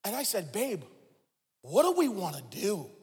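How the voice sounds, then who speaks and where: High-voiced preacher man in his forties. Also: huge pitch swings, unhurried, big-room sound. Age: 40s. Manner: dramatic swings from hushed to shouting, call-and-response with the crowd. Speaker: pastor. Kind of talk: sermon.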